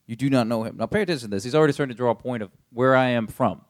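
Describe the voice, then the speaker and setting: A man's voice: medium pitch, very fast. Man teaching the Bible casually. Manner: conversational, paraphrasing with lots of fillers. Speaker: pastor.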